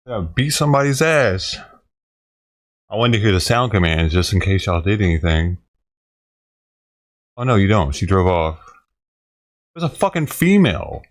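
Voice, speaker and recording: A man's voice: lowish voice, expressive, unhurried, long pauses. A man vlogging casually, agitated and profane, swearing and laughing as he rants about a neighbor. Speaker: vlogger feeding stray cats. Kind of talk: casual ranting vlog.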